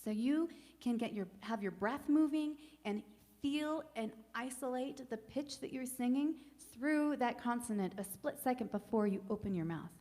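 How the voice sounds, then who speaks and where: A woman working as a choir director, leading a virtual rehearsal with calm, encouraging instruction. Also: a little high, moderate pace, long reverb tail. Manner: calm, gentle guided breathing, then upbeat coaching.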